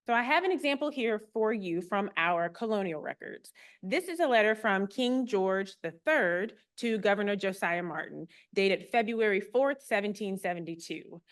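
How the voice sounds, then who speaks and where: A woman's voice: medium pitch, animated, moderate pace. A woman archivist giving a public talk to a live audience, friendly and explanatory with a light touch of humor.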